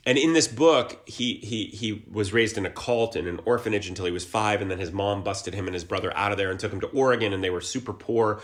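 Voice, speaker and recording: A man's voice: lowish voice, fast, few pauses. A man in his forties, from Ohio, talking earnestly and reflectively as an interview guest, often restarting his sentences. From Columbus, Ohio. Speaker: guest, actor and musician. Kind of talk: casual conversational interview.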